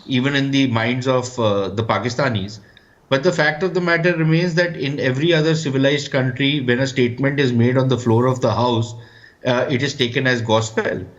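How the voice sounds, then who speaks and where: A man's voice: medium pitch, a little fast, highs cut off. A man, arguing bluntly as a panelist in a heated TV debate. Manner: blunt and combative.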